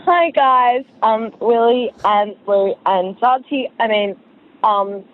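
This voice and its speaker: A woman's voice: on the high side, slow. A woman leaving a hesitant message for a podcast hotline. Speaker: caller. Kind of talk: voicemail message. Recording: tinny phone line.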